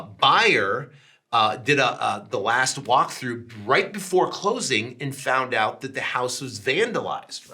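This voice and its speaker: Bright-voiced man telling a deal story. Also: medium pitch. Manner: animated, acts out both sides of phone calls; frequent restarts and "right?" tags. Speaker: podcast host. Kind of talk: casual storytelling.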